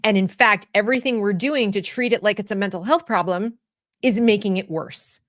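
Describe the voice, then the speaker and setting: Woman commentary host, mid-pitched, blunt and opinionated, repeats and restarts phrases. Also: moderate pace, no echo, studio quality.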